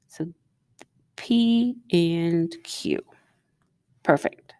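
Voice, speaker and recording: A woman's voice: fairly low pitch, lively intonation, drawn-out words, warm tone, no room sound. A woman teacher talking students through a recorded math lesson, chatting and asking them questions as she writes. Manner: chatty, asks students questions while writing.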